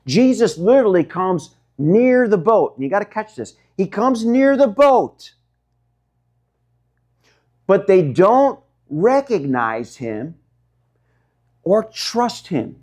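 A man preaching a sermon at a slow, deliberate pace. His voice sits a little high for a man, and he stretches out words for dramatic emphasis, swinging between hushed and loud. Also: very animated. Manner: dramatic, drawn-out emphasis with wide swings in pitch and loudness. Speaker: pastor.

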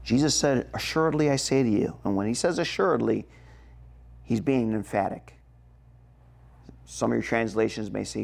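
A man preaching a sermon, slow and emphatic, checking in with the congregation as he goes. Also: on the low side, gravelly, darkish tone. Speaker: pastor.

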